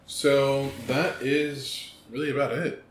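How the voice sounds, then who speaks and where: A man co-hosting a podcast from the United States, chatting in a relaxed way with lots of ums and mm-hmms. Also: mid-range voice, slow pace. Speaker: podcast co-host. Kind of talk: casual chat. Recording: echoey room with faint noise.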